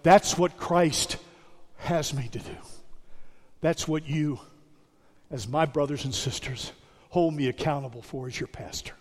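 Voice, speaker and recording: A male pastor giving a sermon, with measured, emphatic preaching and deliberate repetition that sinks to a soft hush. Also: fairly high pitch. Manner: dropping to a soft hush on repeated phrases. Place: church sanctuary. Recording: sermon with long hall reverb.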